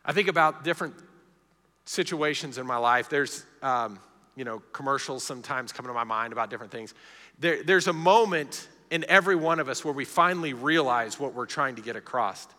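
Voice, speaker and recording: A man's voice: medium pitch, lively intonation, a little fast, sharp tone. A middle-aged man preaching an earnest, conversational sermon at a live evening church service. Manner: earnest, conversational preaching, often opening with "see". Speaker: pastor. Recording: echoey church hall with long reverb.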